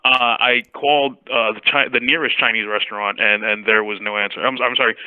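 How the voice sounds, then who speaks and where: A man's voice: on the low side, fairly even intonation, fairly quick, clear, resonant tone, dry recording. A man calling in to a sports talk show from New York City, talking casually with stammering restarts. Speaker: caller. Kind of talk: casual phone-in chat. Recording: tinny phone line.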